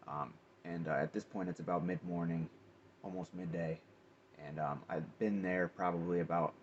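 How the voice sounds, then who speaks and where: A man with a very low voice tells a personal ghost story straight to his viewers, chatty and animated, full of slang and quick restarts. The recording is dull and lo-fi with a faint hiss underneath. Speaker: paranormal vlogger. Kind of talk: casual storytelling to camera. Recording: dull lo-fi audio with faint noise.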